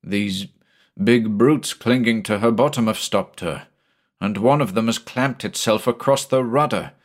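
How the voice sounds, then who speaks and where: An irritable old ship's captain, fretful and easily exasperated, as a narrator puts him on. He pushes his voice higher and louder than plain narration, demanding answers. This is a storybook reading. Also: measured pace, lightly acted. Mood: troubled.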